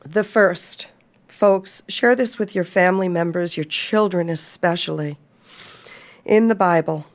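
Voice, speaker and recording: A woman's voice: on the low side, a little slow. A woman hosting a podcast, speaking earnestly and heartfeltly to listeners she calls folks and reading scripture aloud. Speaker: podcast host.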